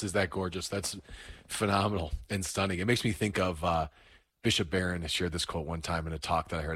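A man's voice: low voice, fairly bright tone, no room sound. A man hosting a casual conversation, asking questions in a thoughtful, appreciative way. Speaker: host.

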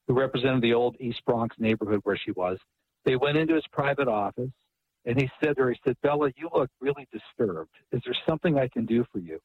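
Guy on a phone line telling a long story, lots of restarts, kinda husky. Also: medium pitch, dry recording. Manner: retells a story at length with many restarts and quoted dialogue. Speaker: author and radio guest.

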